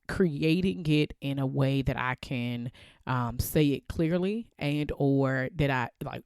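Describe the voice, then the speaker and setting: A woman in her thirties hosting a casual faith podcast, with a deep, bassy voice that sounds congested from allergies. She is chatty and laughs often. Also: darkish tone, no room sound, studio quality. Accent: American. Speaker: podcast host.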